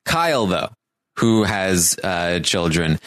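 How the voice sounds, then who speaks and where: A man giving a casual show recap, talking in a halting way with many pauses and restarts. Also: low-pitched, very animated, fairly bright tone.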